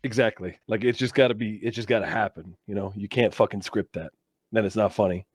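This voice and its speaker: A man's voice: lowish voice, steady tone, fairly quick, slightly rough, no echo. Young male co-host, casual rambling chat, swears a lot, close dry mic. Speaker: podcast co-host.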